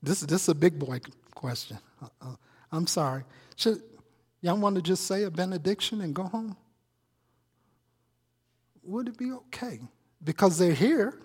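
A man's voice: high-pitched, expressive, unhurried, long pauses, slightly rough, long reverb tail. A male pastor preaching a conversational sermon, teasing his congregation with questions and asides. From Chicago. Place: church sanctuary.

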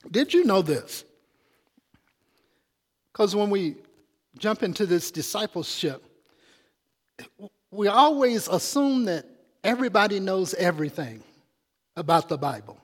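Man, pastor's sermon, talks to the pews, fairly high voice, long hall reverb. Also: sing-song, a little slow, long pauses. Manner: conversational, calls out to the congregation. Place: church.

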